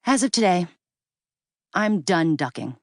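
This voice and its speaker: A woman's voice: fairly low pitch, big pitch swings, measured pace, no echo, studio quality. A woman narrating a first-person audiobook in a feisty, indignant manner.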